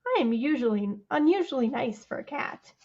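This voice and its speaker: A woman's voice: high voice, expressive, moderate pace, darkish tone, highs cut off. A woman voicing a prim storybook cat who scolds in a primly reproachful way.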